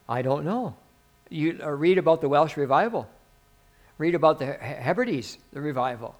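High-voiced preacher, animated sermon. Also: male voice, unhurried, gravelly. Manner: animated, laughs often, shifts from soft musing to loud exclaiming.

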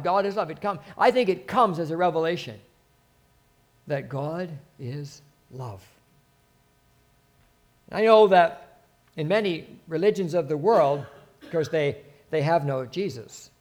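Male preacher, high-pitched, unhurried sermon delivery with frequent restarts. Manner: slow, halting delivery with restarts and emphatic repetition.

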